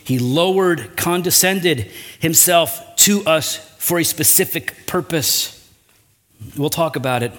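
Man preaching with wide pitch swings. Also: slow. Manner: earnest preaching with rhetorical asides and wide swings in pitch and loudness. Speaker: pastor. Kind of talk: sermon.

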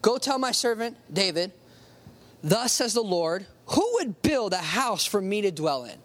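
A preacher working through a Bible passage in an easygoing, conversational sermon. The voice sits at a middle pitch and lands hard on key words, slowing down to hammer each point home. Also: sing-song. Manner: conversational, emphatic, slows down to stress key words.

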